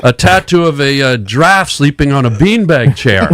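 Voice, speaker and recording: A man's voice: mid-range voice, big pitch swings, a little slow, a bit bright, slight background noise. A man, a comedian and actor, telling silly rambling anecdotes as a guest in a radio studio chat. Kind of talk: casual radio interview storytelling.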